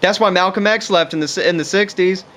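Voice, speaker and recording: A man with a fairly high voice rambles through a casual, profane monologue to camera. He piles on fillers like "you know" and "like" as he talks. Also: a little fast, a bit bright. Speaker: vlogger.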